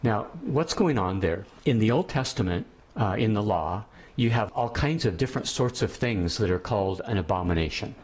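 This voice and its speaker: A man's voice: fairly low pitch, expressive, moderate pace, few pauses, darkish tone, husky. A man teaching a class, lecturing on ethics and thinking aloud as he goes, often restarting his sentences.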